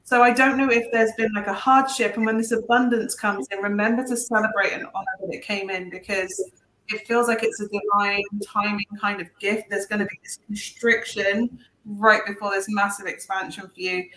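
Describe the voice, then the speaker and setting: A woman's voice: mid-range voice, steady tone, normal speed, pushed and bright, echoey room, a little hiss or hum, poor audio. A woman giving a meandering, earnest and reassuring spiritual message on a video call. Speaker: intuitive reader.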